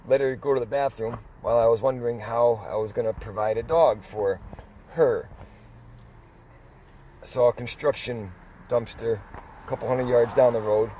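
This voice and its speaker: A middle-aged man telling a story in a casual, rambling way, pausing and restarting as he goes. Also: fairly low pitch, a little mellow, a little hiss or hum. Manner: rambling, conversational, with pauses and restarts. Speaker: dog vlogger.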